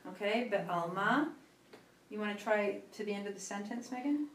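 A woman's voice: medium pitch, animated, moderate pace, a little hiss or hum. A woman teacher guiding students through reading aloud syllable by syllable, patient and encouraging. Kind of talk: classroom instruction. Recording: roomy classroom audio from a distance.

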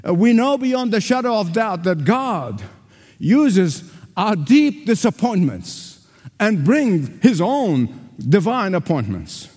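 An older male pastor preaching with a high, lively voice that rises and falls dramatically. He hammers points through repetition and asks the congregation to answer back. His voice rings through a large church with a long reverb. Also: slow, slightly rough. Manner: emphatic, repetitive preaching with call-and-response. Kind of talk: sermon. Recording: reverberant hall.

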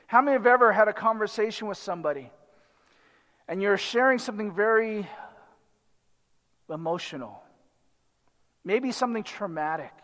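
In a large hall, a male pastor delivers a sermon like a conversation, regularly turning to the congregation with "right?" His high-pitched, fairly bright voice is animated, and he speaks at a moderate pace broken by long pauses.

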